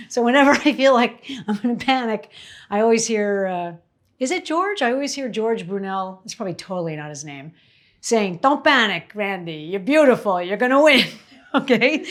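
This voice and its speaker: A chatty woman in her fifties talks through a recipe while she works, wandering off into stories. Her voice sits at an ordinary middle pitch, and her delivery is casual and unscripted. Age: 50s. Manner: chatty, rambling, laughs often. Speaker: cooking show host. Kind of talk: casual cooking demonstration.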